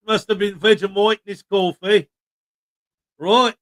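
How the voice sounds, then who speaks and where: A man hosting a casual livestream chat, joking and animated with sudden loud bursts. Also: high voice, unhurried. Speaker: livestream host.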